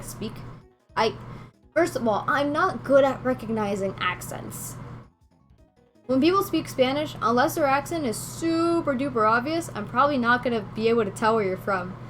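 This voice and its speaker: A woman in her twenties from Venezuela, a game streamer chatting casually and rambling with her viewers, quick to laugh. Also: on the high side, a bit bright.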